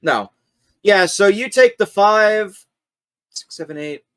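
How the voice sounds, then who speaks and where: A man's voice: high voice, lively intonation, slow, fairly bright tone, smooth, no room sound. Man game-mastering a tabletop session. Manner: laughing, hesitant narration with fillers.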